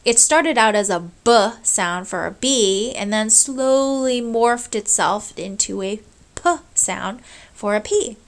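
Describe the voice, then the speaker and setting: A woman's voice: a little high, slow pace, low-quality recording. Woman giving a recorded lecture. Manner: explanatory, checks in with "right?" and "okay?"; demonstrates baby sounds aloud.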